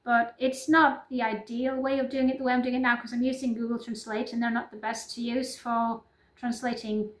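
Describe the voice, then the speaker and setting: Woman, Norwegian accent, rambling vlogger, slightly high voice, roomy echo. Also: flat delivery, a little fast. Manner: chatty and rambling, often laughing and apologizing. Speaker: YouTuber. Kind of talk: casual improvised vlog chat. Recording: echoey room.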